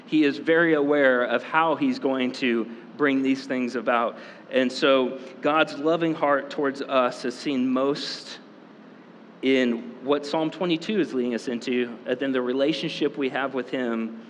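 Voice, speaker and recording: A man preaching a sermon as pastor, talking casually with many fillers and quick asides. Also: mid-range voice, a little hiss or hum. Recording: long reverb in a hall.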